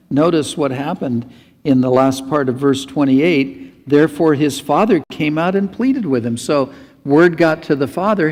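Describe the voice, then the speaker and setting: A man's voice: a little high, animated, unhurried, a little mellow, long reverb tail. A man preaching a sermon as pastor, earnest and pleading.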